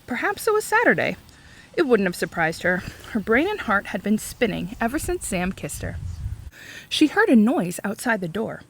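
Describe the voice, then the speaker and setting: A woman reading a chapter book aloud for a read-along, expressive and explaining the story in simple terms. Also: medium pitch, normal speed, a little hiss or hum.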